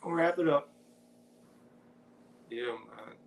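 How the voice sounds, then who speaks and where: Gravelly, laid-back man with a chuckle. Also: mid-range voice, slow, rough recording. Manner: relaxed, laughs often, reads out chat comments. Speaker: co-host of a ministry talk. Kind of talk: casual spiritual discussion.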